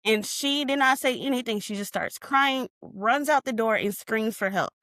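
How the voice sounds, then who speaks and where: Her voice sits fairly high, moving at a moderate pace, captured dry with studio quality. She's a guest on a podcast, retelling a painful memory with emotion in a personal storytelling interview. Along the way she performs the lines she and others spoke, including her own shouts.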